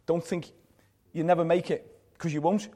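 A pastor giving a live sermon in a church service, earnest and repetitive, letting his phrases fall soft at the ends. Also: on the high side, steady tone, moderate pace.

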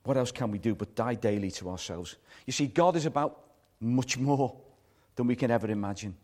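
A pastor giving a live sermon in a church service, earnest and repetitive, letting his phrases fall soft at the ends. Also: mid-range voice, brisk.

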